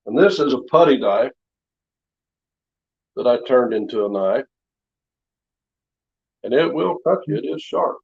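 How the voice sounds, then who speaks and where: A man's voice: mid-range voice, lively intonation, a little slow, creaky, long pauses. A man chatting casually in his home workshop, showing knives he forged, in a rambling, down-to-earth way. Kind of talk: casual show-and-tell chat. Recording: slightly dull lo-fi sound.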